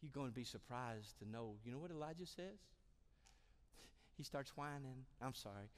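A male pastor preaching a sermon, repeating his key lines and swinging between loud, forceful calls and hushed, quiet moments. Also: medium pitch, lively intonation, moderate pace, in a large hall. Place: church sanctuary.

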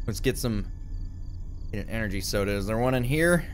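A young man giving let's play commentary, excitable and easily startled, talking to himself as he plays. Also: fairly low pitch, a little fast, soft background music. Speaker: gamer.

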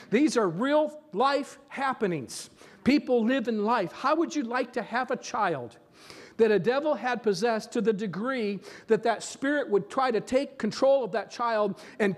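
A pastor delivering an earnest sermon, asking his congregation for amens and repeating phrases for emphasis. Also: very high voice.

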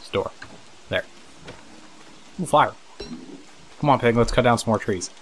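A man's voice: medium pitch, measured pace, slight background noise. A man giving casual let's-play commentary, chatting to the characters on screen, laughing and swearing as he plays. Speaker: gameplay commentator.

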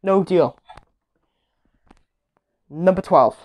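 A woman gives casual commentary while playing a game show video game, reacting loudly to each result and getting annoyed easily. Her voice is on the low side, and she speaks very slowly.

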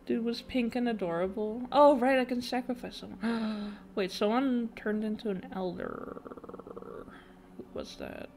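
Woman gaming streamer, fairly high voice, slow and sweary, chatting with her viewers. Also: sing-song, creaky, a little mellow, a little hiss or hum. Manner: swears a lot, exclaims at the game. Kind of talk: casual gameplay stream chat.

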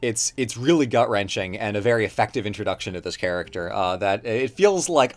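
Low-voiced man chatting casually. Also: expressive, fairly quick, hardly any pauses. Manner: rambling, many fillers and restarts. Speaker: co-host. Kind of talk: casual discussion.

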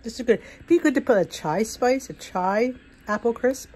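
This American cooking vlog host sounds animated, a bit high, and darkish in tone, at a moderate pace. Poor audio captures her chatty, rambling walkthrough of a recipe in a casual demonstration.

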